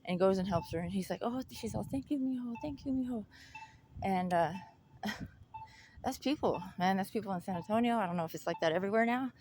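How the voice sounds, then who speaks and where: A woman's voice: medium pitch, a little fast, a little mellow, slight background noise. Blunt, profane woman telling a story. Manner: profane, blunt, laughs often. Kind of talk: casual storytelling.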